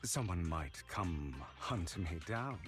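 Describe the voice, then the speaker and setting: A man reading game dialogue aloud as a smooth, flattering young male information broker with a theatrical, courteous manner. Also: deep voice, takes it slowly, faint music behind, voice pushed down, heavily acted. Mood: charming.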